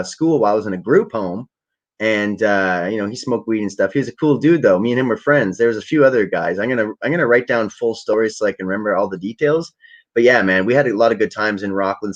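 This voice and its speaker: A man's voice: fairly low pitch, highs cut off. A man telling a rambling, profane story in a laid-back, casual way to a livestream audience. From Canada. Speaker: vlogger.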